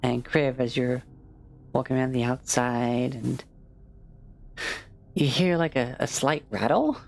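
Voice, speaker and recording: Woman game master, very deep voice, slow, hesitant, lots of fillers. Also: gravelly, a little mellow. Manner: hesitant, full of fillers, swears when frustrated. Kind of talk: narrating a tabletop game.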